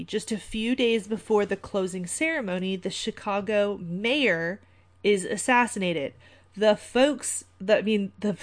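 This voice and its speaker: Woman podcast host, mid-pitched, rambling and wry, filler-heavy chat. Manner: chatty, rambling, many fillers, wry asides. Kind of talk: casual conspiracy podcast talk.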